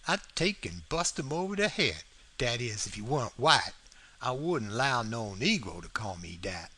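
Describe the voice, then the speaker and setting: A man's voice: mid-range voice, sing-song, normal speed, pushed and bright. A man reading as a stubborn, plain-spoken grown man. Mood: indignant. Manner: heavy rural dialect, blunt and argumentative.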